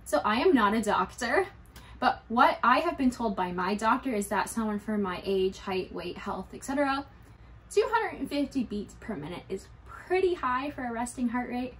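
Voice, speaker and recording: A woman's voice: fairly high pitch, lively intonation, normal speed, fairly bright tone. A young adult woman candidly telling a personal story to her vlog viewers, conversational and lightly humorous. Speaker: YouTuber.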